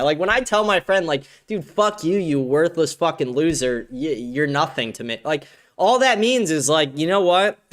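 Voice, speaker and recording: Young man, live-stream host, high voice, very animated pitch, profane, sarcastic. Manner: profane, sarcastic, laughs often, reads chat aloud. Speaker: streamer host reacting to clips. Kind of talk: crude live-stream reaction commentary.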